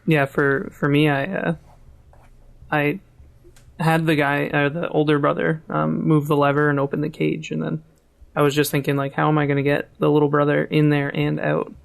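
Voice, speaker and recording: A man chatting as a podcast guest, halting often on "uh" and "um". His fairly high voice is gravelly and stays flat in pitch. He sounds relaxed and unhurried. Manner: hesitant, with many "uh" and "um" pauses. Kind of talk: casual chat.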